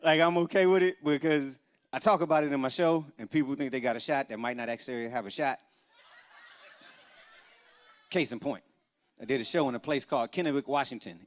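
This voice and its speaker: A man, doing a stand-up comedy set on a church stage before a live audience, telling stories in an animated, punchy way with sudden loud bursts. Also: medium pitch.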